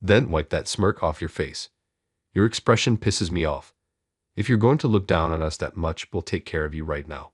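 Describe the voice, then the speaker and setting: A man's voice: deep voice, normal speed, husky, dry recording, studio quality. A man voicing a group of rude young male thugs, taunting and insulting.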